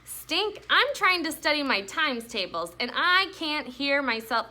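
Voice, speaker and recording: A woman's voice: big pitch swings, unhurried, sharp tone, exaggerated voice. A woman voicing an annoyed schoolgirl big sister in a read-aloud storybook. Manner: exasperated, raised pitch.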